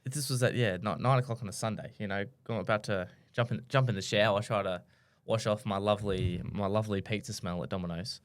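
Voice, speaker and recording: A man's voice: fairly low pitch, fairly even intonation, brisk, few pauses. A young Australian man co-hosting a podcast, chatting casually and telling a rambling story with many restarts. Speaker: podcast co-host. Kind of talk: casual chat.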